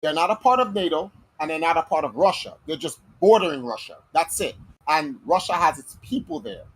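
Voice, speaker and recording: An American man hosting a casual podcast monologue, talking in slangy, animated speech and acting out quoted voices. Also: fairly high pitch, a little fast, slightly rough, rough recording. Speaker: podcast host.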